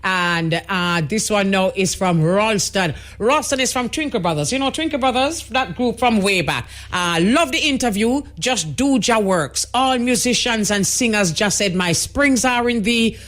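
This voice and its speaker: A woman's voice: medium pitch, lively intonation, unhurried, few pauses, a bit bright. A woman with a Jamaican accent hosting a radio show, reading out listener messages in a chatty, easygoing way. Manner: chatty, easygoing, with patois greetings. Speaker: radio host. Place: radio studio.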